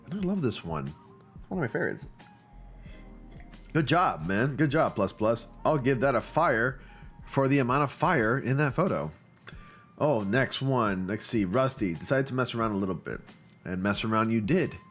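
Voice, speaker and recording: A man hosting his channel, giving casual, excitable commentary with gushing reactions and frequent fillers. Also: mid-range voice, moderate pace, faint music behind. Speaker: channel host reviewing fan photo submissions.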